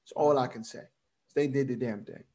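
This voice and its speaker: A man's voice: medium pitch, steady tone, brisk, dark tone. A man co-hosting a casual wrestling podcast, blunt and swearing freely, laughing often as he talks. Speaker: podcast co-host.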